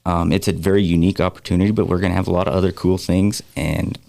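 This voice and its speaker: Guest spot: low gravelly man, laid-back promo chat, dry studio sound. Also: flat delivery, fast, warm tone, no echo. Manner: easygoing, promotional, filler-heavy. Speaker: guest, foundation organizer. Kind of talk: casual radio chat.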